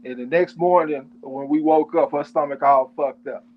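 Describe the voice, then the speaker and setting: A man talking bluntly and profanely in relaxed, casual chat. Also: on the high side, moderate pace, highs cut off, a little hiss or hum. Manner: blunt, profane, laid-back.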